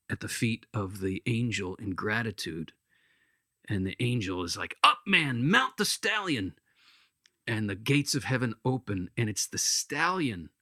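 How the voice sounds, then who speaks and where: A man's voice: lowish voice, a bit bright, no echo, studio quality. Earnest man telling a story. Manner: earnest, with hesitant restarts. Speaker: speaker giving spiritual counsel. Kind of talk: storytelling in conversation.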